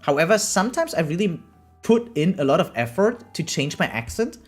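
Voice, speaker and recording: A German-accented man streams a game live and talks through it with his viewers, his pitch swinging up and down as he reacts. He answers the chat casually and laughs often. Soft game music plays faintly underneath. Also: sing-song, normal speed, slightly rough. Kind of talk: live gameplay commentary, chatting with viewers.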